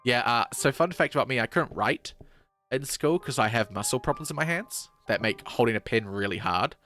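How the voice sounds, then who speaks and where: A man's voice: mid-range voice, lively intonation, normal speed, sharp tone, faint music behind. A man in his twenties with a New Zealand accent, chatting casually on a game stream, rambling and swearing often. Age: 20s.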